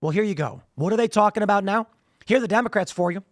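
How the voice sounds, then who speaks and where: A man's voice: high-pitched, fast, no echo, studio quality. A man hosting a political commentary show, talking emphatically while losing his voice, often repeating words as he starts sentences. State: losing his voice, strained throat. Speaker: show host.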